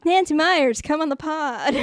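A woman's voice: sits high, measured pace, no room sound. A woman co-hosting a casual movie podcast, retelling scenes and acting out characters' lines with frequent laughter. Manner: animated, acts out characters' lines, laughs often. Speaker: podcast co-host. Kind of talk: casual movie recap chat.

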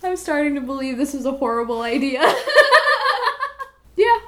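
A young woman co-hosting a movie podcast, playful and quick with asides in casual chat. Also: high-pitched. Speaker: podcast co-host.

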